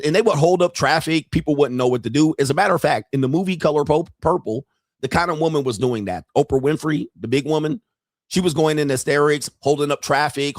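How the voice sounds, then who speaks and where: A man hosting a dating talk show, commenting casually on a viral clip with crude jokes, laughing and getting excited. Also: mid-range voice, brisk, dry recording, clean studio sound. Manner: crude joking, laughs at his own lines; excitable, rising into shouts.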